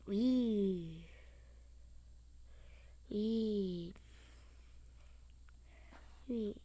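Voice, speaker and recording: A woman commenting as she plays a mobile game, excitable, with sing-song chatter and yelps. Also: medium pitch, extremely slow. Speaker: gamer.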